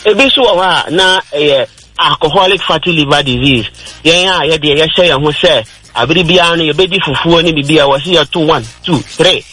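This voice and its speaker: A man's voice: a little high, brisk, bright, forceful tone, breathy edge, poor audio. A Ghanaian man presenting a radio health talk, explaining step by step and mixing in English terms. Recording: radio broadcast.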